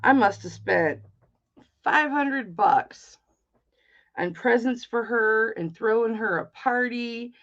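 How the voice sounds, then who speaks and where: Slow, chatty middle-aged woman. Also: a little high, a bit bright. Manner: chatty, swears freely, greets viewers by name. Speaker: live-stream jewelry auction host. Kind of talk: casual chat while selling. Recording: dull lo-fi stream audio.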